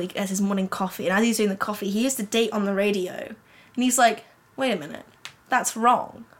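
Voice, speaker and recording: Woman podcast co-host, medium pitch, chatty and giggly, loose storytelling with lots of "like" and restarts. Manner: rambling, many fillers and restarts, giggly. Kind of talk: casual chat, retelling a fan story.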